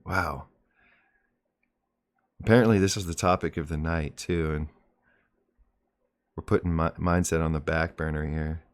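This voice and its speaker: A man in his forties hosting a live mindset stream, explaining ideas in plain terms with a relaxed, joking manner. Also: very deep voice, a little slow, pauses often. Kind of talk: live stream talk and teaching.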